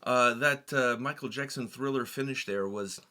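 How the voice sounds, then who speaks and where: A man's voice: medium pitch, moderate pace, pushed and bright. A man co-hosting a music reaction video, talking casually and animatedly, with many fillers and repeated phrases. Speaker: reaction channel co-host.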